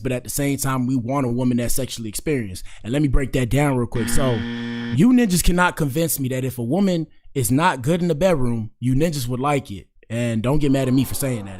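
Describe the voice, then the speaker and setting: A man's voice: medium pitch, a little mellow, a little hiss or hum. A man hosting a commentary show, reacting casually and talking straight to his viewers with slang and repeated catchphrases.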